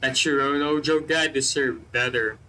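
A man giving excitable let's-play commentary, swearing constantly and joking about the characters on screen. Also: medium pitch, moderate pace, soft background music, low-quality recording. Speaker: gameplay commentator.

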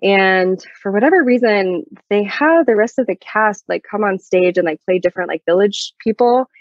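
A woman's voice: mid-range voice, lively intonation, normal speed, dry recording. A young woman, a guest singer-songwriter, telling a story in a casual interview with a chatty manner and many fillers. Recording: dull lo-fi dry sound.

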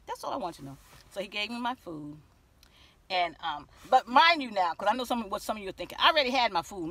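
A woman vlogging from her car, telling a story in an animated way and acting out the dialogue. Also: medium pitch, husky. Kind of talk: car vlog rant. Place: inside a parked car.

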